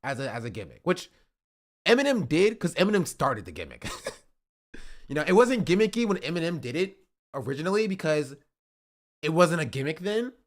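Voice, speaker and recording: Reacting to rap clips during a live stream, this man speaks a little fast with long pauses, his voice on the high side. His casual commentary is chatty, with frequent laughter and bursts of excited shouting.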